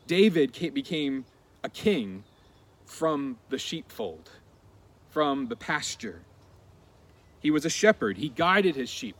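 Earnest preaching man, slightly high voice. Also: fairly bright tone. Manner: earnest, emphatic preaching with deliberate pauses. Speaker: pastor. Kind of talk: sermon.

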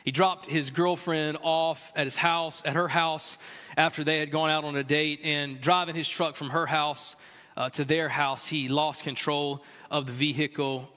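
A man's voice: a little high, sharp tone. A man preaching as a pastor and chaplain, telling a story candidly in a conversational way with many fillers. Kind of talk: sermon. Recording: long hall reverb.

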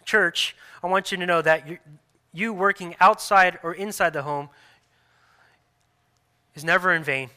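A man in his thirties, a pastor preaching a sermon earnestly, repeating phrases and restarting softly. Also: high voice, unhurried, long pauses, clear, resonant tone.

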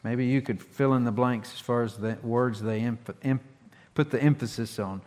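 Preaching in a big-sounding room, this male pastor keeps a moderate pace with few pauses and a medium pitch. He talks plainly and folksily, often restarting phrases and hitting important words with animated emphasis.

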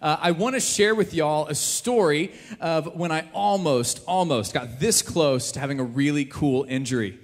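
Animated young pastor, high voice, church hall. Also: male voice, moderate pace. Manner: jokey, animated storyteller. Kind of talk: sermon with personal story.

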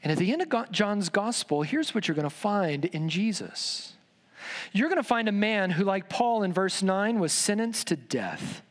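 A man preaching a sermon in a church, emphatic, dropping low and slow on key words. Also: animated. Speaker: pastor. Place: large church sanctuary. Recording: long reverb in a church hall.

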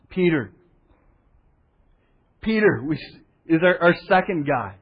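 A pastor with a high, slightly husky voice preaches in an animated, storytelling way, acting out the people he quotes. He drops to a hushed, solemn tone for the gravest points. The sound is dull and carries a long hall reverb. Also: slow pace, long pauses. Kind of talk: sermon.

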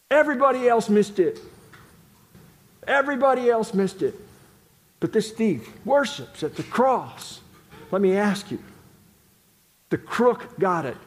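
A man's voice: on the high side, a little mellow. A male pastor delivering an emphatic sermon in a church sanctuary, repeating phrases for stress. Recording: long hall reverb.

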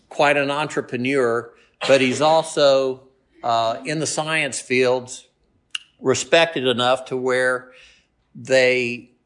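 A man hosting a show, relaxed and folksy, saying y'all as he sets up a clip. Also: medium pitch. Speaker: host presenting a clip. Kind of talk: casual talk to listeners.

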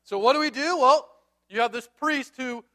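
A man preaching a sermon, telling a Bible story in an animated way and acting out the characters. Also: very high-pitched, normal speed. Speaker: pastor.

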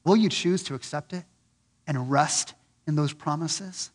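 Man, pastor, sermon, high voice, earnest, repeats questions, surges and drops. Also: a little slow. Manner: rises high and loud on key points, drops low and soft on others.

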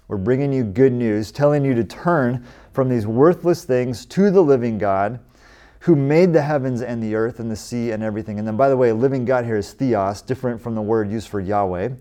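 This is a pastor, a man in his forties from the US, giving a sermon in a chatty manner and rising emphatically when reading scripture aloud. His voice is mid-range and dark in tone, moving at a normal speed.

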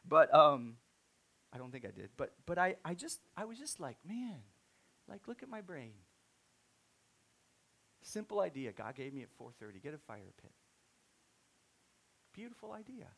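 A man in his thirties preaching a sermon, telling a story and swinging from soft-spoken to loud, excited outbursts. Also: mid-range voice, gravelly, a little hiss or hum. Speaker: pastor.

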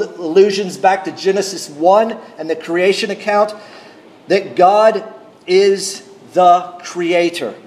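A man preaching a sermon, reading scripture and explaining it in a measured, emphatic way. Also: high voice. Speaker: pastor.

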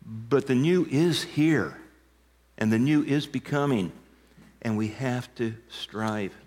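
An older man in his sixties delivers a sermon as a longtime pastor. His pitch sits in the middle of the range, and he builds his stories toward emphatic, shouted punchlines. His voice carries a long reverb, as if filling a church sanctuary. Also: takes it slowly.

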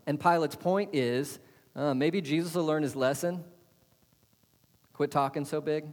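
A man's voice: on the high side, a little slow, pauses often. A man preaching a sermon as pastor, putting questions to the congregation and answering them with emphasis. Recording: long hall reverb.

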